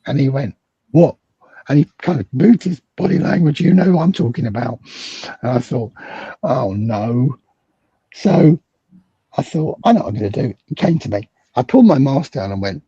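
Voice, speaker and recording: A man's voice: expressive, moderate pace, warm tone, slightly rough, dry recording, muffled recording. A middle-aged British man telling a story as a guest, acting out the dialogue he quotes. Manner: acts out quoted dialogue with big swings in pitch. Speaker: guest psychologist. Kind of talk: animated storytelling in a conversation.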